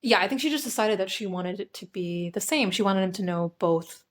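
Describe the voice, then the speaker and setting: A woman's voice: medium pitch, expressive, fairly quick. A young woman co-hosting a podcast in casual chat, telling a story thoughtfully and hedging with "I guess". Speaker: podcast co-host.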